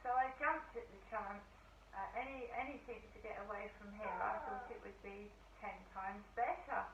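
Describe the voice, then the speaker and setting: A hoarse middle-aged woman chatting casually to her vlog camera at home, telling a rambling story. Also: medium pitch, moderate pace, fairly bright tone. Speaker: vlogger. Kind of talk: casual diary-style chat. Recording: echoey room, distant mic, dull sound, faint hiss.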